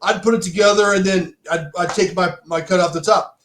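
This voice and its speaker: A man's voice: high-pitched, steady tone, fairly quick, a bit bright, slight background noise. A middle-aged man casually telling stories about owning a bike shop, rambling with lots of restarts and "dude". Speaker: podcast guest, former bike shop owner. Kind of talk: casual chat. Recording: roomy echo.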